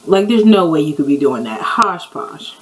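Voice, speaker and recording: A woman's voice: sits low, animated, fast, warm tone, a little hiss or hum, low-quality recording. A woman co-hosting a podcast in casual chat, explaining words and laughing easily. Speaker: podcast co-host.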